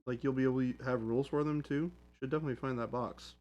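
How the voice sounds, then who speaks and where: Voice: medium pitch, steady tone, quick pace, a little mellow. A playful livestream host joking around and thinking aloud while painting miniatures. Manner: playful, jokey, slips into silly voices. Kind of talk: casual livestream banter.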